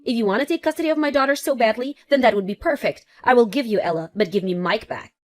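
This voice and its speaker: A woman's voice: fairly high pitch, fast talker, lightly acted. Female reader for a vain ex-wife in a text story: scornful, mocking, self-satisfied. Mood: smug. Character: cruel selfish divorced mother, vain and scornful. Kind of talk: text-message story narration.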